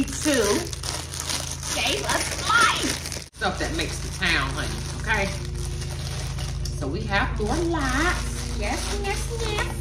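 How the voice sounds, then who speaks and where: A woman, chatting casually with her viewers as she unboxes gifts. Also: medium pitch. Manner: chatty, addresses viewers as y'all and child. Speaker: vlogger. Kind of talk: casual chat while unboxing. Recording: echoey room, mic at a distance, background noise.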